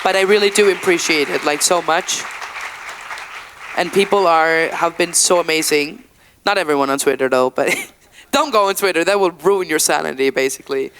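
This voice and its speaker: Smooth-voiced woman, chatty and candid. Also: deep voice, fairly bright tone. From Faroe Islands. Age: 30s. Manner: chatty and candid, full of "like" and restarts, acts out quotes. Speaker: singer being interviewed. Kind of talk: casual interview chat. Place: event venue indoors.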